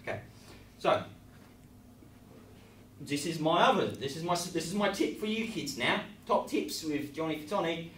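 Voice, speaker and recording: Heard from a roomy distant mic with slight background noise and live laughter, an English improv performer on a small comedy stage plays a bumbling children's craft host. He rambles in a chirpy, mock-instructive, falsely reassuring manner, his fairly high, animated, slightly bright voice at a moderate pace with long pauses.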